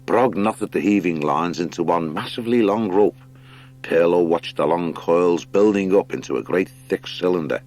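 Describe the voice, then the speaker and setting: A man reads a storybook aloud in a measured, deliberate way. His voice sits very low. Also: expressive, darkish tone. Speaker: audiobook narrator. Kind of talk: storytelling narration.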